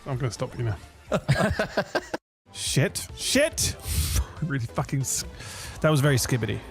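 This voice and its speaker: A man's voice: medium pitch, animated, normal speed, creaky, soft background music. A man co-hosting a casual gaming stream, joking around, laughing often and teasing with mock exasperation. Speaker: streamer co-host.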